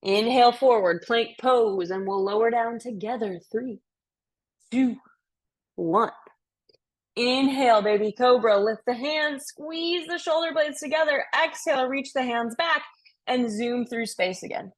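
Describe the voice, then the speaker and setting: Breathy, upbeat woman guiding a yoga class. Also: on the high side, a little slow. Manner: upbeat, playful cues with counted breaths. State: slightly out of breath. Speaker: yoga instructor. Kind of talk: guided yoga class instruction.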